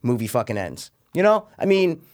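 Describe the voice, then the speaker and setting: A young man co-hosting a casual film review podcast, talking in an animated way with swearing as he jumps into retelling scenes. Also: mid-range voice, normal speed. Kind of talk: casual chat.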